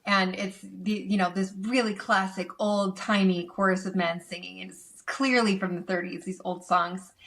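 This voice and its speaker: A woman's voice: medium pitch, a bit bright. Gushing woman telling a story. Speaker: podcast guest. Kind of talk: casual podcast chat.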